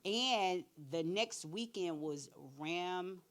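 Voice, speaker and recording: A middle-aged woman giving a candid career-readiness talk, animated and plain-spoken, acting out both sides of her stories. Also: fairly low pitch, drawn-out words. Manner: animated storyteller, acts out both sides of conversations. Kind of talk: church workshop talk with acted-out anecdotes.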